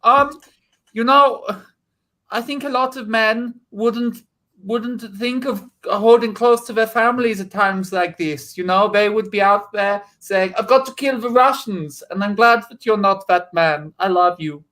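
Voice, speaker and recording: A doting 1960s housewife gushes over her husband in a bright, sharp tone, as an improviser plays her. She speaks slowly and sweetly. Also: mid-range voice, lightly acted. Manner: gushing, sweetly agreeable. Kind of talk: improvised comedy.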